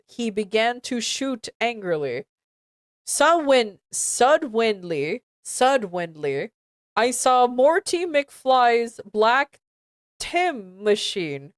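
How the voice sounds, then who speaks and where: Exasperated woman reading aloud, lively pitch. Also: extremely slow, dry recording, studio quality. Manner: stumbles over misspelled words, exasperated asides. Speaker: streamer. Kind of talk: reading a fan fiction aloud with commentary.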